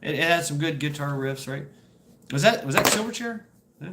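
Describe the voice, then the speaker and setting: A male livestream host tells stories to his chat in a loose, rambling way, laughing and cursing as he goes. His fairly high voice is expressive, bright, and forceful, moving at a moderate pace.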